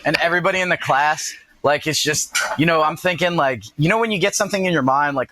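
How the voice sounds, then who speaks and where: A man's voice: on the high side, fast talker, background noise. A man co-hosting a podcast, joking crudely and laughing often in casual chat. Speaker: podcast host.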